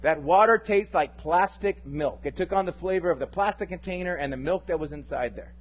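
A male pastor preaching a sermon with passion, swinging between loud emphatic lines and hushed, intimate ones. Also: high voice, brisk, poor audio. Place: church service.

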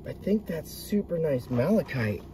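A man prospecting in a hard rock mine, giving excited running commentary to his viewers as he works. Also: a little high, normal speed, far from the mic, a little hiss or hum. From United States. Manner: excitable, marvelling, talks to viewers.

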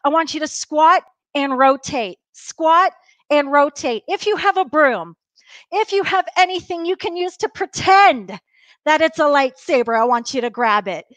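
A woman's voice: sits high, expressive, moderate pace, fairly bright tone, no room sound. A woman leading a live workout class, upbeat and encouraging, counting down reps and a bit out of breath from exercising along. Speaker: fitness instructor.

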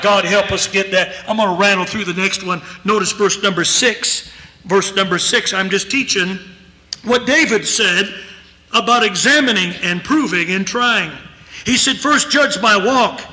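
Unhurried and sharp-toned, a man with a high-sitting voice preaches in a church sanctuary. He tells an emphatic story, playing out both sides of an exchange, while the echoey hall lends long reverb.

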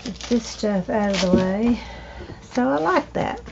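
A woman hosting a crafting video, chatting slowly to herself while she trims and glues, with hiccups now and then. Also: a little high, expressive, vocal fry. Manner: slow, chatty, talking to herself while working. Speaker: crafting channel host. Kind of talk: casual crafting narration. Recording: dull lo-fi home recording with faint noise.

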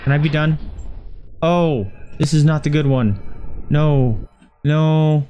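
A man's voice: a little high, takes it slowly, highs cut off, a little hiss or hum. A man commentating a horror game in a panic, swearing and repeating words in frantic bursts. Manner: swears and yelps at scares. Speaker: gaming video host. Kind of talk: frightened let's-play commentary.

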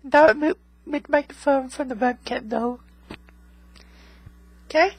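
A woman's voice: high-pitched, measured pace, slight background noise, low-quality recording. A woman vlogging in casual chat to her viewers, rambling and tagging most remarks with 'okay?'. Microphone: USB microphone.

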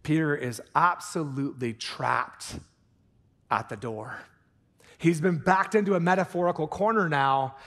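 A man preaching a sermon from the pulpit, animated and earnest, dropping into hushed intensity for emphasis and tossing in casual jokey asides. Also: on the high side, unhurried. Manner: jokey asides with put-on accents. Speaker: pastor. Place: church sanctuary.

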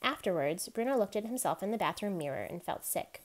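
A woman reading a novel aloud, gently giving each character a light voice of their own. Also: mid-range voice, lively intonation, a little fast. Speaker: reader.

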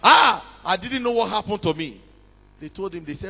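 A man delivers a dramatic sermon, his high voice ringing out. He tells the story with energy and keeps calling on the congregation to answer back. The recording carries the long reverb of a large hall. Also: animated, moderate pace, vocal fry, sharp tone. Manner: dramatic, call-and-response with congregation. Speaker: preacher.

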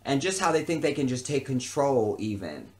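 In an unscripted monologue, a vlogger rants with heat and profanity, often circling back to the same phrase to drive it home. He speaks at normal speed in a medium-pitched voice that swings widely up and down.

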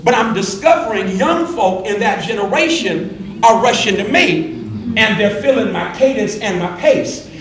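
A middle-aged man, a preacher leading a workshop, talking fast and animated, often repeating a word as he starts a thought. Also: high voice. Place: indoor room with an audience. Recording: echoey room, distant mic, faint noise.

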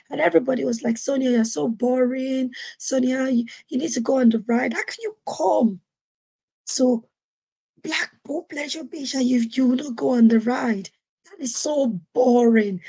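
Nigerian woman podcaster, husky voice, kinda high, tells her story with lots of acted-out voices. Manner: animated, acts out quoted voices. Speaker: podcast host. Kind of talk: storytelling monologue.

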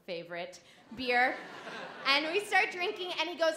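A woman telling a frank, animated comic story on a live stage, often laughing through her lines. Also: high voice, a little slow, roomy sound, noisy background.

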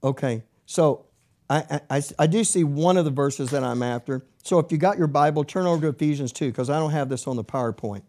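Man teaching a Bible study, fairly high voice. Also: brisk, warm tone. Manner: conversational, rising to emphatic preaching.

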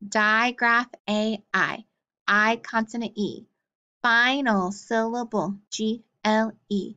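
Female phonics teacher, slow and deliberate, sounds out each syllable; muffled lo-fi recording. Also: on the high side, fairly even intonation, pushed and bright. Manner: sounds out words syllable by syllable, drilling letter cards.

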